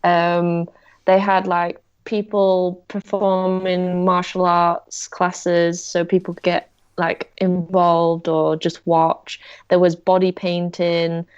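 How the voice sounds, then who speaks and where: A woman's voice: lowish voice, little pitch movement, takes it slowly, darkish tone, smooth. A woman from the UK co-hosting a podcast, chatting casually with lots of "um" and "like". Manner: chatty storyteller, many fillers like "um" and "like". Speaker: podcast co-host. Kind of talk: casual chat. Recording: slightly dull lo-fi podcast audio.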